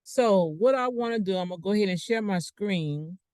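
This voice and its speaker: A man's voice: high-pitched, normal speed, darkish tone, clear, resonant tone, no echo. A man giving a casual, rambling online talk as a financial coach, preaching with asides while sharing his screen.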